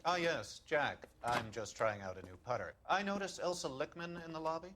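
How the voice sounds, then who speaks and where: Guy doing a condescending old-school exec, transatlantic drawl, swoopy pitch, faint hiss. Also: lively intonation, normal speed, close to an everyday voice. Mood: smug. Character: smooth-talking corporate boss, middle-aged man. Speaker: insurance company boss.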